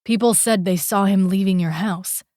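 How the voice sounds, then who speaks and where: A woman's voice: medium pitch, steady tone, normal speed, warm tone, no room sound, clean studio sound, lightly acted. A woman voicing a jealous, possessive young man in an audiobook, throwing crude, cutting accusations. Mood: jealous, harsh. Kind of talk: audiobook character voice.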